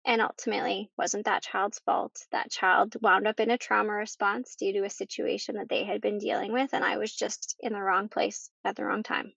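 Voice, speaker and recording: A woman, a podcast guest, tells her personal story in conversation, halting and repeating herself as she goes. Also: medium pitch, level tone, vocal fry, a bit bright, no room sound. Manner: halting, with many pauses and repeated words. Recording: dull lo-fi dry recording.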